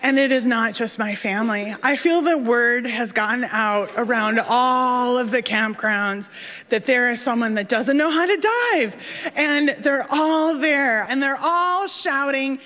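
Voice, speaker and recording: A woman with a slightly high voice spins a personal story to a live room, animated and laughing at her own mishaps. Her voice trails off into the long reverb of a big hall. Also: measured pace. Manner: animated, self-mocking, laughing through lines.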